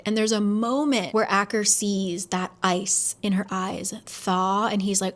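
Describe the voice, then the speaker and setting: Woman doing a snarky book recap, acts out the characters, swears a bit, super chatty. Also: mid-range voice. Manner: sarcastic, acts out characters' lines with quick asides and swearing. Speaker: book reviewer. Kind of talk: casual book plot recap.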